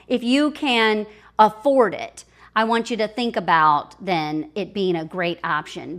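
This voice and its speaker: A middle-aged woman giving personal travel advice in a chatty, enthusiastic vlog, sharing tips and memories. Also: a little high. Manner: warm, enthusiastic, conversational with pro tips. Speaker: travel vlogger.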